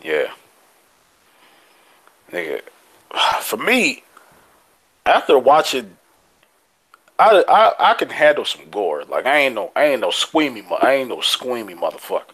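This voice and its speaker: A man's voice: mid-range voice, very animated, measured pace, long pauses, a bit bright, slightly rough. A man co-hosting a podcast in casual chat, laid-back and heavy on profane slang. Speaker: podcast co-host.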